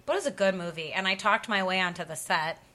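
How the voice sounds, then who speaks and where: A woman hosts a casual chat in a bright, forward voice. She tells rambling anecdotes stacked with asides and tangents. Her pitch sits mid-range. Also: fast talker. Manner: chatty, rambling storytelling with many asides.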